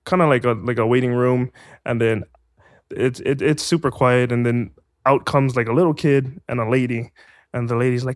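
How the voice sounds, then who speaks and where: A man's voice: medium pitch, fairly quick, no room sound, studio quality. A man from Hawaii, a guest actor, telling a story casually and animatedly, acting out the voices of the people in it. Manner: animated, acts out voices in his stories.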